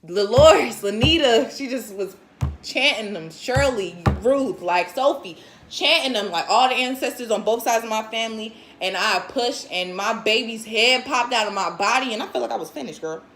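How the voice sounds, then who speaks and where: A woman in her twenties casually telling viewers a story, frank and animated, often laughing and acting out what other people said. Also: on the high side, moderate pace, faint music behind. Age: 20s. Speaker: vlogger and new mother.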